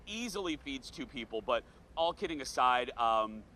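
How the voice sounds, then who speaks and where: A man from the American South hosting a morning TV show outdoors at a fair, earnest and emotional, speaking slowly. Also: mid-range voice, big pitch swings, sharp tone, slight background noise. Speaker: TV show host. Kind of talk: morning TV chat. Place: outdoor state fair set.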